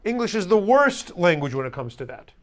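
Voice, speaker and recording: Man teaching a class, fairly high voice, blunt, sarcastic, leads call-and-response drills in a classroom. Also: big pitch swings, fairly quick. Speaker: language teacher.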